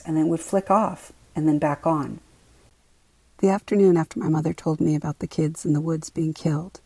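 A woman reading her own memoir aloud in the first person, quiet and measured. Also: sits low, rough recording.

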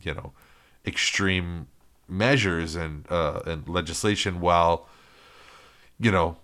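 A man's voice: low voice, slow pace, a bit bright. A man co-hosting a podcast in casual chat, sardonic and profane, laughing often. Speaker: podcast co-host.

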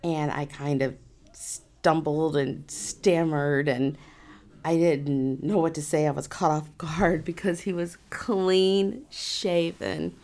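A middle-aged woman who works as a massage therapist tells a personal story casually, animated and self-mocking, with nervous laughs. Her voice is low-pitched and slow.

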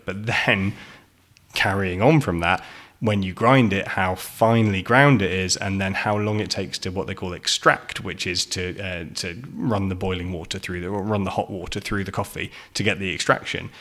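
Brief: English café owner, podcast guest, lower voice, rambling explainer with lots of ums. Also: male voice, fairly even intonation, moderate pace, fairly bright tone. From England. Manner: explains at length, with many fillers and restarts. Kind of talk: casual podcast conversation.

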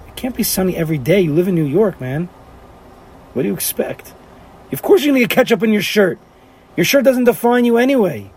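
A man's voice: high voice, animated, fairly quick, darkish tone, breathy edge. A man teaching a class, talking animatedly and firing off rhetorical questions. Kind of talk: lively class lecture.

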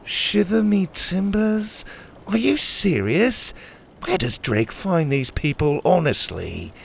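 Man as a weary sneering pirate crewmate in a storybook, high drawling, lively lilt. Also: gravelly, slight background noise, heavily acted. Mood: sarcastic. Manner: sarcastic, drawn-out. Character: exasperated sarcastic male pirate crewmate.

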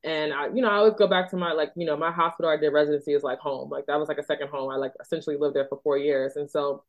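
Woman from Philadelphia, podcast host, doctor, earnest casual chat, slightly low pitch. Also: steady tone, rapid-fire, dull audio. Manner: earnest, chatty, heavy use of "like" and "you know".

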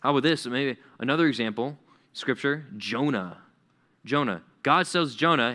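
Bright-voiced male preacher. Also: medium pitch, moderate pace. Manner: conversational, emphatic with repetition. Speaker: pastor. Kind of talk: sermon.

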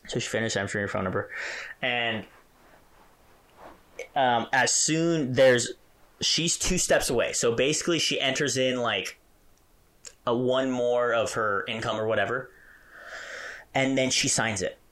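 A man co-hosting a casual podcast, telling an animated story and chuckling as he goes. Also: medium pitch, unhurried, pauses often. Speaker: podcast co-host. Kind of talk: casual chat.

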